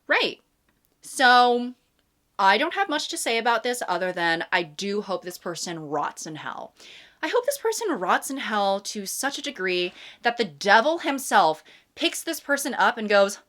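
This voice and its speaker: A woman's voice: mid-range voice, sing-song, a little slow, a bit bright. A young adult woman hosting a comedic commentary vlog, reading dating messages with sarcastic, exasperated asides. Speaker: YouTube host.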